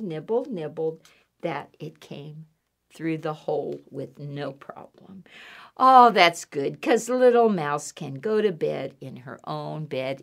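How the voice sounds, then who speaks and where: A woman's voice: on the low side, vocal fry. A woman, a children's librarian, reading a picture book aloud and asking the children questions as she goes. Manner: animated, asks kids questions. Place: public library.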